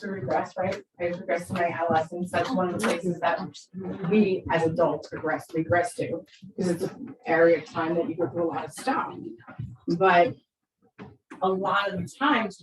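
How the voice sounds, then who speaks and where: A middle-aged woman giving a talk on parenting, telling a story in an animated, conversational way with frequent tag questions. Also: fairly low pitch, a little hiss or hum. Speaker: parenting speaker. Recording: echoey room, distant mic.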